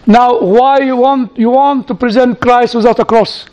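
Mann mit sehr hoher Stimme und fremdem Akzent, erzählt Anekdoten vor einer Gemeinde, wiederholt Wörter und lacht leise. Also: male voice, very high-pitched, steady tone, normal speed, darkish tone. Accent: foreign accent in English. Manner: storytelling, repeats words, chuckles at his own anecdotes. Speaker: church speaker answering audience questions. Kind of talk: informal Q&A teaching.

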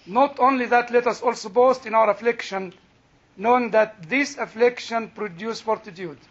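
A man's voice: extremely high pitch, normal speed. An older man with an Egyptian accent, teaching a Bible class in a chatty storytelling way with frequent laughs and restarts. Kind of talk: sermon with storytelling. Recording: dull lo-fi recording.

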